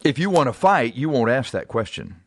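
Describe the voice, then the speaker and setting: A man preaching a sermon in a plain, conversational way, pausing and repeating himself as he works through his points. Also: medium pitch, sing-song, no echo, clean studio sound. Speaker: pastor.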